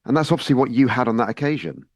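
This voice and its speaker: A man's voice: medium pitch, expressive, rapid-fire, no echo. A man from England hosting a radio interview, friendly and chatty. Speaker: radio show host.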